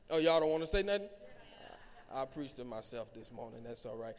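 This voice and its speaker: A man's voice: medium pitch, brisk, smooth. A man preaching a sermon as pastor in a church, calling out to the congregation and building up in volume. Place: church sanctuary. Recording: long hall reverb.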